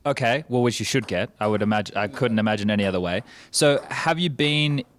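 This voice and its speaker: A man's voice: lowish voice, brisk. A man hosting casual, joking interviews with players at an event. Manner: joking, teasing, playful. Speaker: host.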